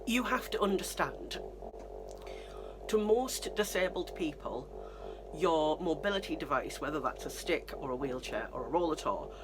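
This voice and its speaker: A woman's voice: deep voice, very animated, moderate pace, noisy background. A woman with a British accent, chatting and telling stories to camera in a rambling, self-deprecating way. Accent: British English. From Britain. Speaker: vlogger. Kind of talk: casual storytelling to camera.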